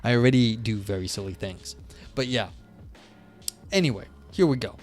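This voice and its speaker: A man's voice: mid-range voice, expressive, normal speed, a little mellow. A man with a mid-range voice runs a live philosophy stream. He reads an academic paper aloud, then breaks off to explain it in plain words and to chat loosely, poking fun at himself. Faint music plays behind him. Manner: chatty and self-deprecating, reading aloud then explaining in plain terms.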